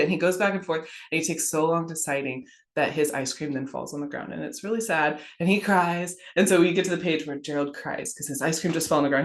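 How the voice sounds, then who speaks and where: A woman's voice: sits low, quick pace, few pauses. A woman in her thirties chatting casually on a podcast about children's books, telling stories and laughing often. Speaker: guest. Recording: echoey room.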